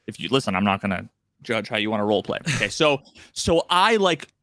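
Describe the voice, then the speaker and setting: A man co-hosting a casual gaming podcast, telling a story with lively shifts and acting out game characters' lines. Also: on the low side, fairly quick, no echo, clean studio sound. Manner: animated storyteller, acts out game dialogue in raised voices. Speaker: podcast co-host.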